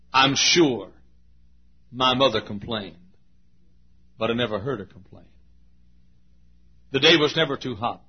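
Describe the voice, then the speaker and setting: A man preaching a sermon, moving from slow, low teaching into high, fervent preaching. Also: husky, muffled recording.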